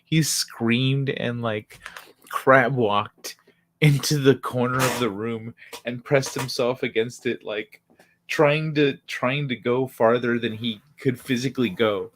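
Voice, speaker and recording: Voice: medium pitch, slow pace, slight background noise. A live-stream host casually telling a childhood story to chat, laughing often and swearing freely. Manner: laughs often, loose and profane.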